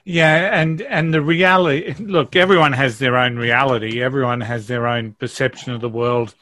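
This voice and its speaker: A man's voice: mid-range voice, steady tone, moderate pace, bright, forceful tone, no echo. Reflective man, co-host chat. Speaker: podcast co-host. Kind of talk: casual chat.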